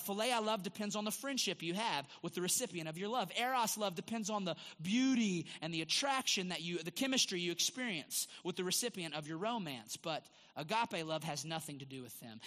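A man preaching a sermon to his church, teaching with emphatic, drawn-out stress on key words. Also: high-pitched, pushed and bright. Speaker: pastor. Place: church sanctuary. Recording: long hall reverb.

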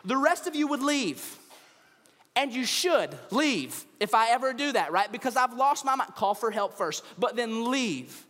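On a church stage, a pastor from the United States delivers a funny sermon, performing voices as he tells animated stories. His voice is extremely high-pitched and measured in pace, echoing with a big-room sound.

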